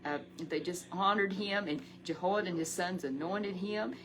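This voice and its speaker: A woman tells a Sunday Bible story to a companion in a homely manner, repeating herself, stumbling over words, and letting out homely exclamations. Her voice is mid-range and moderately paced, in a low-quality recording with slight background noise.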